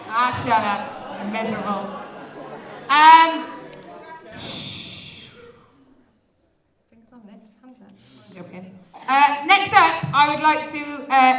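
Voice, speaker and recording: Female MC, high pitch, playful crowd-teasing delivery, distant mic in a roomy venue. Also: bright, forceful tone. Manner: bubbly, teasing the audience. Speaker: event host. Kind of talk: live event hosting. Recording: echoey hall, voice from a distance.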